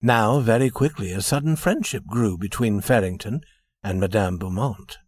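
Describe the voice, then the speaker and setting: A man narrating a story in a measured, expressive scripted reading. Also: on the low side, no echo, studio quality.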